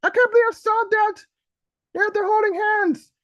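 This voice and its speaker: A man performing comic poetry as a panicky male bystander, with shrill, frantic exclamations over a video call. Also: fairly even intonation, normal speed, fairly bright tone, dry recording. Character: panicky adult male bystander watching monster chaos. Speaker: open mic poet.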